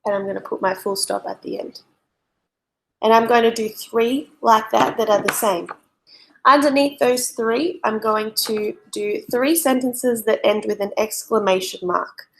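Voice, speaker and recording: Woman teacher, clear patient explaining for children, vocal fry. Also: mid-range voice, a bit bright. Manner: slow and clear, spelling out and explaining for young pupils. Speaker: primary school teacher. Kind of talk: recorded remote lesson for children.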